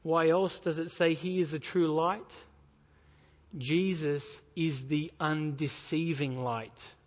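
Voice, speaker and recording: Man, preacher, sermon, high voice, rhetorical questions, long hall reverb. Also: steady tone, slow, muffled recording. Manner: expository preaching, rhetorical questions, reading scripture aloud.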